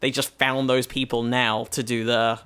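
A man's voice: mid-range voice, flat delivery, normal speed, fairly bright tone, smooth. A British man, a comedian, chatting casually on a podcast and telling a meandering story full of restarts. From Britain. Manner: rambling storyteller with many restarts. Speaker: comedian guest. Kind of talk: casual chat.

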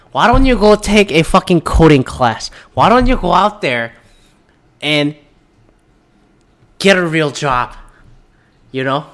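A young man ranting casually about online news, swearing often, swinging between loud bursts and mumbled asides. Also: on the high side. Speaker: vlogger reacting to news.

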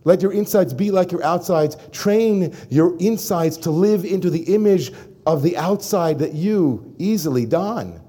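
A rabbi giving a sermon to his congregation, emphatic and animated, often turning to address the listeners directly. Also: high voice, unhurried, slightly rough.

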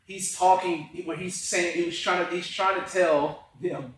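A man explaining scripture in relaxed, slangy casual talk. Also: high voice, measured pace, slight background noise. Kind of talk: casual faith podcast chat. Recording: echoey room.

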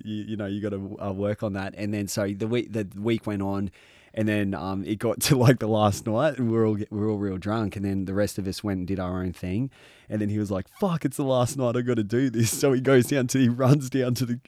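A man's voice: fairly low pitch, warm tone, no room sound, clean studio sound. A young Australian man, a podcast co-host, telling a rambling story in casual chat, swearing and laughing often.

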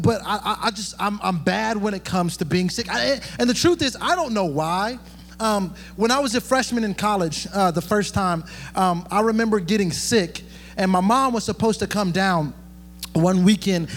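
A man's voice: sits high, big-room sound, slight background noise. A young man preaching a sermon as pastor, conversational and joking, with many fillers and restarts.

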